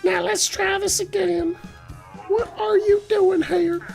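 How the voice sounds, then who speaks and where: A gamer voicing a brusque female kangaroo police officer in a shrill, exaggerated put-on voice, reading game dialogue for laughs. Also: little pitch movement, slow, vocal fry, darkish tone, faint music behind, full character voice. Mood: snippy.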